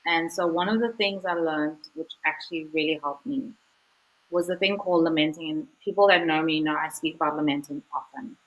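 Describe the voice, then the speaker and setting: A woman's voice: deep voice, steady tone, fairly quick, highs cut off. A woman author speaking as an interview guest, earnest and reflective, talking in a candid, informal way with frequent "like" and "you know.".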